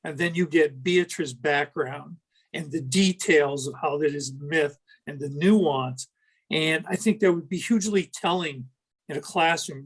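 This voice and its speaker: A man who is an educator speaking on a panel in a slow, earnest, drawn-out way. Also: fairly high pitch, breathy edge, poor audio. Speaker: educator guest. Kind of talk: casual panel discussion.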